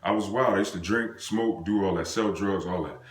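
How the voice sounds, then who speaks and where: A young man from the United States telling a personal story in an animated, slangy way, acting out what people said with sound effects. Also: low-pitched, normal speed. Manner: excitable, acts out quotes and sound effects, slangy and profane. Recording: roomy echo.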